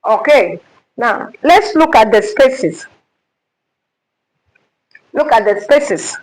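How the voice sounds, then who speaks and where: Woman, music teacher, deliberate slow delivery, slightly high voice, emphatic, repeats points. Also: expressive, low-quality recording. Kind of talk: classroom music lesson.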